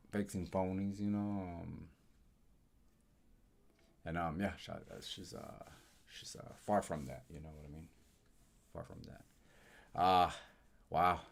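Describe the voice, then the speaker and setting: A man with a very low, deep voice chatting casually on a live stream. He talks haltingly and keeps circling back to his point. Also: gravelly. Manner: halting, full of fillers and restarts. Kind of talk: casual live reaction chat.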